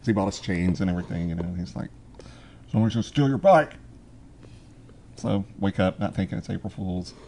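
A man's voice: low voice, quick pace, creaky, few pauses, a little hiss or hum. A man co-hosting a casual chat, telling stories and laughing often. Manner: lively storyteller, laughs often. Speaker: podcast co-host.

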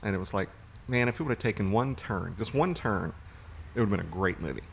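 Male co-host, very low voice with fry, relaxed and rambling, faint noise behind. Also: fast talker. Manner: rambling, relaxed movie recaps with fillers. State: hiccuping. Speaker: podcast co-host. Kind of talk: casual chat.

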